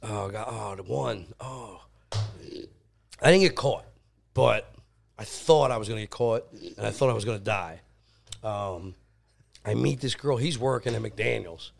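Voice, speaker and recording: A man's voice: lowish voice, measured pace, gravelly, pauses often. A man casually telling crude personal stories on a podcast, laughing often and swearing. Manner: laughing, animated anecdote teller, swears often. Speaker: podcast guest. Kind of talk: casual storytelling.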